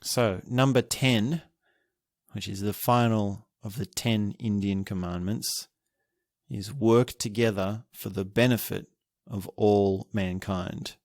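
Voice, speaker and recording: Male podcast host, solo reflective talk, lowish voice, unhurried, dry close sound. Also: fairly even intonation, no room sound. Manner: musing, thinking aloud with restarts and soft chuckles.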